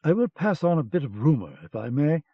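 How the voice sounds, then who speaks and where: A man reading an audiobook, voicing a measured, superior young British intelligence captain in a dull old recording. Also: fairly high pitch, sing-song, breathy edge, no echo, exaggerated voice. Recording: dull cassette-era audiobook sound.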